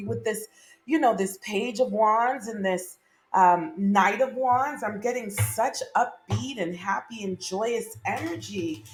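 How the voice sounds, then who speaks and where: Woman, tarot reader, chatty, enthusiastic, lots of fillers, mid-pitched voice. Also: slow, faint music behind. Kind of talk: monthly tarot reading to camera.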